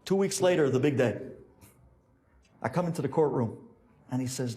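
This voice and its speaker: A man's voice: mid-range voice, animated, moderate pace, long pauses, dark tone. A man telling a story dramatically as a Torah teacher in a lecture.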